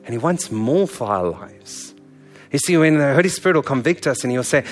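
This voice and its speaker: A man's voice: medium pitch, big pitch swings, brisk, faint music behind. A male pastor giving a sermon in a candid, conversational, earnest way.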